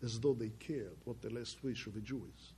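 An older man giving a spoken testimony from his family's past, emphatic and halting. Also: on the low side, dark tone, slight background noise. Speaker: storyteller.

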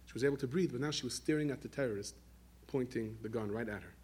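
A man giving a sermon, telling stories in an animated way and mixing in Yiddish and Hebrew words. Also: mid-range voice, fast talker, slightly rough. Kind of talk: sermon storytelling.

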